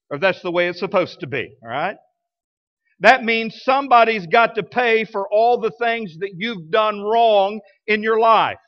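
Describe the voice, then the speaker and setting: A man's voice: sits high, muffled recording. A male pastor preaching a sermon in a conversational way, asking his congregation rhetorical questions. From United States. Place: church.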